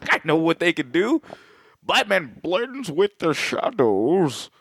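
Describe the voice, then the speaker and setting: A man's voice: on the high side, sing-song, takes it slowly, fairly bright tone, a little hiss or hum. A man co-hosting a podcast, chatting casually about a movie, swearing constantly and laughing often. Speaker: podcast co-host. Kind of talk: casual profane movie chat. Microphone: headset.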